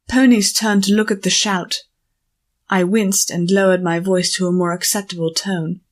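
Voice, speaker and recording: A woman narrating an audiobook chapter in a measured storytelling manner. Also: medium pitch, steady tone. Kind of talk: scripted narration.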